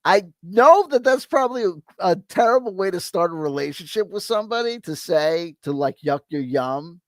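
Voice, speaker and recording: A man's voice: high voice, lively intonation, moderate pace, dry recording. A man giving blunt, rambling commentary on a video he reacts to, with many restarts. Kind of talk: casual opinionated commentary.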